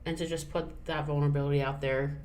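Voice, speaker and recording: A woman's voice: low-pitched, flat delivery, quick pace, a little mellow, a little hiss or hum. A woman co-hosting a podcast in casual chat, emotional and supportive. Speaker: podcast co-host.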